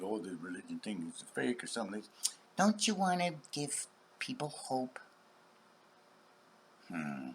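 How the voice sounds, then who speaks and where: A man rambling on in a monologue, acting out other people's voices and swinging between loud outbursts and whispers. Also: on the low side, slight background noise. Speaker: channel host.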